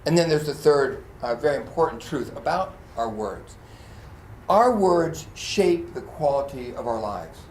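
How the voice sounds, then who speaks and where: With a mid-range voice and a slightly slow pace, this man preaches as pastor in a church, telling stories animatedly with many acted-out quotes and frequent laughs. He chokes up now and then. The recording has a roomy feel and slight background noise.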